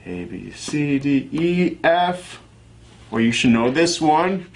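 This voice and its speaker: A young man teaching a children's alphabet lesson, encouraging and sounding out each letter slowly. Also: fairly high pitch, sing-song, creaky. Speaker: phonics teacher.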